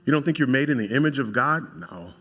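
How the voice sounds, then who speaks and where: A man, a pastor, preaching a sermon in an animated way and talking straight to his congregation. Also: medium pitch, quick pace.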